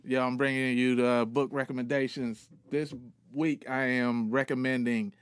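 A man with a New York accent giving book recommendations on a podcast, earnest and relaxed with many fillers. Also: mid-range voice, moderate pace, smooth, dry recording. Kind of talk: casual podcast segment.

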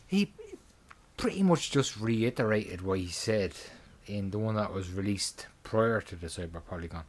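A man's voice: fairly low pitch, animated, moderate pace. A man co-hosting a casual podcast chat, rambling and joking, with frequent swearing. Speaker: co-host.

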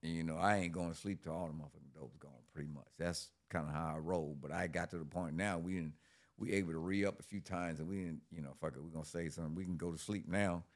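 A man's voice: deep voice, steady tone, quick pace. A middle-aged man, a guest in an interview, telling a story in a casual, laid-back and profane street manner.

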